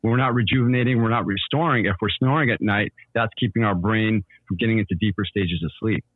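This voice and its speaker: A man, a sleep doctor, explaining health risks in a quick, easygoing way, often restarting with "so, so". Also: lowish voice, husky, dry recording, narrow, tinny audio. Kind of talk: explanatory casual talk.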